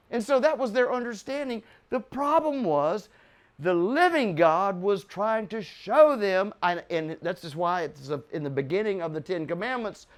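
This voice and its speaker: An older American man teaching the Bible in an excitable, chuckling way, with sudden loud bursts for emphasis. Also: sits high.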